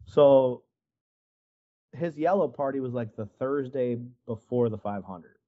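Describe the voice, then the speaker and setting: A man's voice: medium pitch, a little slow, phone-quality sound. Rambling man from Wisconsin on a call. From Wisconsin, USA. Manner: rambling, heavy use of "like" and "you know". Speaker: guest artist. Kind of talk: casual storytelling in an interview. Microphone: video call.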